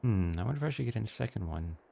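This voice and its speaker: A man giving casual gameplay commentary, thinking aloud in a relaxed way with small hesitations. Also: lowish voice, rapid-fire, creaky.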